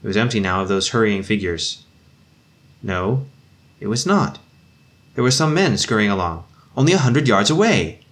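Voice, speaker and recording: Solemn low-voiced male narrator. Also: lively intonation, moderate pace, long pauses, a bit bright. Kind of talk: audiobook reading.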